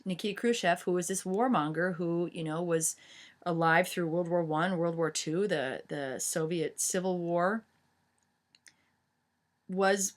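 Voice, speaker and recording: Chatty woman teaching history, low-pitched. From United States. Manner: chatty, many fillers and restarts. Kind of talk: informal history lecture.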